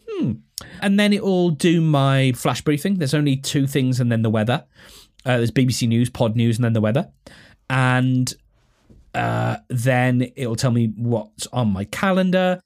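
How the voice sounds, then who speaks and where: A man's voice: medium pitch, normal speed. Rambling man, casual podcast. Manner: rambling, self-deprecating, restarts and fillers. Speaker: podcast host. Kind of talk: casual solo podcast chat.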